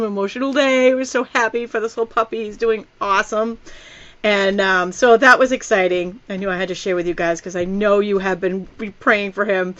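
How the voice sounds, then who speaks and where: A woman's voice: mid-range voice, a bit bright, lo-fi sound. A middle-aged woman chatting casually on a live stream from her home, upbeat and rambling, laughing often. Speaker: card-making instructor. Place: home family room.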